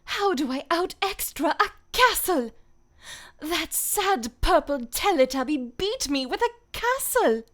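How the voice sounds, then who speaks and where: Mercy, as a woman puts her on, high and whiny. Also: big pitch swings, a little slow, fairly bright tone, exaggerated voice. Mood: petulant.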